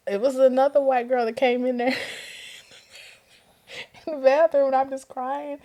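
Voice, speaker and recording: A woman appearing as a guest tells a personal story in casual conversation, speaking at normal speed in a voice that sits high. She's animated, acting out other people's voices with laughter.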